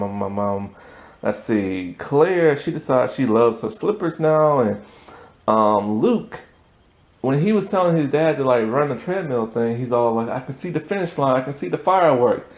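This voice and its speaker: A man casually recapping a TV episode, telling it in an animated way with lots of "like" and "um" and frequent laughter. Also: medium pitch. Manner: animated storytelling, lots of fillers, laughs often. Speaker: TV episode reviewer.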